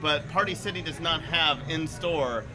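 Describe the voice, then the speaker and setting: A man's voice: a little high, moderate pace, poor audio. A man co-hosting a casual tabletop show, rambling and joking, full of "like" and restarts, recorded on a shared mic in a brewery beer garden. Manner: rambling, repeats "like" a lot, jokey. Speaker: podcast co-host. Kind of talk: casual chat. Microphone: shared handheld microphone. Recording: outdoor crowd noise behind.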